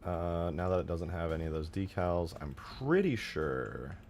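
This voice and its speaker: Low-voiced man casually narrating his modding. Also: unhurried. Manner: relaxed, self-correcting, rambling. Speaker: modding streamer. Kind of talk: casual commentary while modding. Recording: faint background music.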